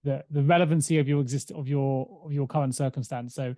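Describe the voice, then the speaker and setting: Male podcast co-host, animated storyteller; mellow tone, dry recording. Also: medium pitch, fast talker, no echo. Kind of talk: casual chat and storytelling.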